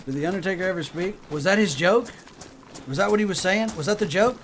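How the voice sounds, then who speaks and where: Profane rambling gamer streamer. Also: male voice, sits high, fast, a bit bright, a little hiss or hum. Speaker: game streamer. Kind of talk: casual gaming commentary. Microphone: headset.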